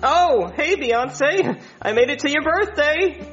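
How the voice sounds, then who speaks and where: A man's voice: very high voice, animated, takes it slowly, a bit bright, soft background music, heavily acted. A man voicing a crass, irritable grown man who swears and snaps back. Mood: cranky. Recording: muffled lo-fi audio.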